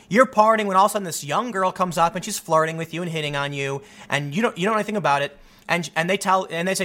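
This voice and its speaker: A man talking through a casual commentary monologue, animated and often restarting his sentences. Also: a little high, fairly quick. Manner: animated, repeats himself, many restarts. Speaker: commentary host.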